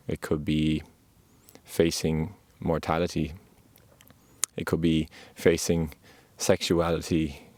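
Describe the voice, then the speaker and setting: A man giving a heartfelt, motivational monologue outdoors on a mountainside. He speaks in an earnest, gentle and reassuring way. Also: a bass voice, no room sound. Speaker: podcast host.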